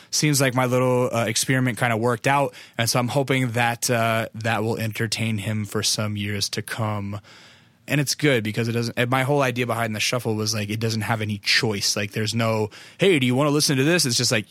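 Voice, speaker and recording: A man's voice: lowish voice, a bit bright, no room sound. An American man hosting a podcast, telling a long rambling story in a loose, profane, conversational way before an interview. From United States. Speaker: podcast host. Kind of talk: casual podcast monologue and interview.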